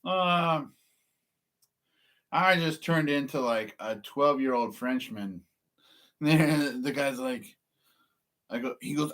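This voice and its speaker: A man's voice: mid-range voice, takes it slowly, long pauses, fairly bright tone. A man from California, rambling through a casual story to the camera, swearing often and laughing at himself. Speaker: process server vlogger.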